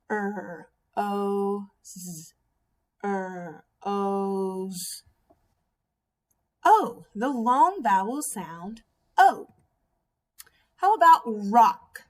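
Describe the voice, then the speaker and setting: A woman teaching a phonics lesson to young children, sounding out each vowel slowly and clearly. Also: mid-range voice. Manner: slow, drawn-out sounding out of vowels. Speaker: first grade teacher.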